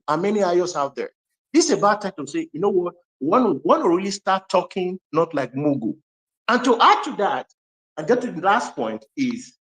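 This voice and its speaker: Excitable man, highish voice. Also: low-quality recording. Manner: animated, excitable storyteller who laughs often. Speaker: panel speaker. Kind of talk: online discussion.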